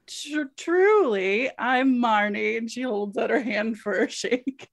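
A woman's voice: on the high side, slow, vocal fry. A woman player in a tabletop game, easygoing and a bit hesitant. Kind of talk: tabletop role-play.

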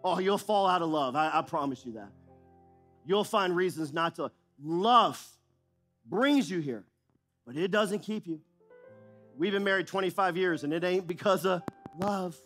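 A middle-aged man delivering a sermon from a church stage, his voice sitting high for a man. He drives each point home with repetition and direct questions to the congregation. A faint instrumental bed plays underneath. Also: unhurried, pauses often, a bit bright, faint music behind. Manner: emphatic preacher, repeats phrases and asks the audience questions. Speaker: pastor. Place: church auditorium.

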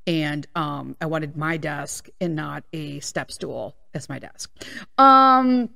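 Speaking slowly in a low, creaky voice that sounds pushed and bright, this fifty-something woman chats on her own podcast. She's candid, casual and freely profane, recording at a mic in a small home studio.

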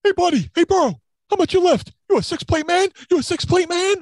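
A man imitating a loud, pushy male gym-bro wrestler in a much higher, shouty voice. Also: animated, fairly quick, no echo, clean studio sound. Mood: boisterous. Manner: shouty, bro-ish, repeats "hey buddy".

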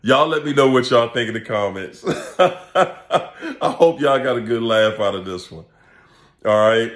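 Laughing man ranting slowly in an echoey room. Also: mid-range voice. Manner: laughs often, animated, acts out quoted voices. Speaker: channel host and coach. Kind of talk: casual comedic vlog rant.

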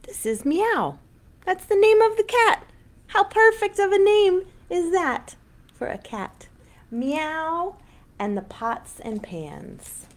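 A woman with a high, bright voice leads a children's storytime, swooping up and down with big sing-song emphasis. She takes her time and reads slowly for little listeners. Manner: animated, exaggerated sing-song delivery for young children. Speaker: children's librarian hosting storytime. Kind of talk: online children's storytime read-aloud.

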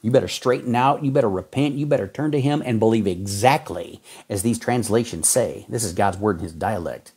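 A man preaching a fervent sermon, folksy and exhorting, with sudden jumps in pitch as he reads scripture. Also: fairly quick, hardly any pauses, a little mellow, breathy edge. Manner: folksy, says y'all and man.

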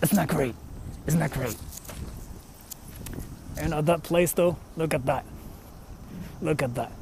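A young freelance voice actor rambles casually into his phone, full of fillers and questions to himself. His voice sits high for a man. Faint traffic and city sound murmur around him outdoors. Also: darkish tone. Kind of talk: casual vlog talk while walking. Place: outdoors on a street, walking to a station.

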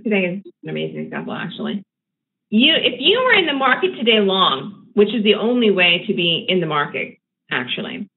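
A woman running a live trading webinar, teaching chart patterns in a brisk, emphatic, conversational way. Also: a little high. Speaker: day trading educator. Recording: tinny phone-like line with faint noise.

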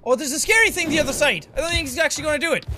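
A man in his twenties giving excitable let's play commentary, talking to an in-game creature like a pet and swearing now and then. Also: extremely high pitch, rapid-fire. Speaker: gaming video host.

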